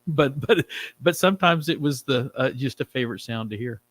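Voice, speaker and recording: A man co-hosting a podcast in casual chat, laid-back and halting, often chuckling. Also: medium pitch, a bit bright, no echo. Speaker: podcast co-host.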